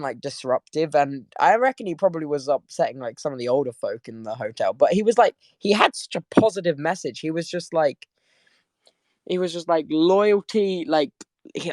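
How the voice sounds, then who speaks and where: A man's voice: fairly high pitch, no echo. A young English man, tired after little sleep, chatting casually as host of a live audio stream. He rambles through a story, laughing and restarting his sentences, and speaks from his bed. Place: sitting in bed at home.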